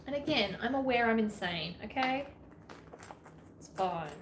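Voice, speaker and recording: Australian woman, sewing vlogger, higher voice, chatty and self-mocking, echoey room. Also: lively intonation, unhurried. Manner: chatty, self-deprecating, rambling asides. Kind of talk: casual sewing tutorial chat. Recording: echoey room with faint ambient noise.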